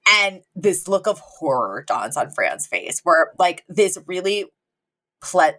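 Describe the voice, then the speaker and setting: A woman's voice: lowish voice, very animated, slow pace, a bit bright. Chatty young woman recapping a show. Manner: chatty, lots of fillers and acted-out quotes. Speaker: podcast co-host. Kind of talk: casual recap chat.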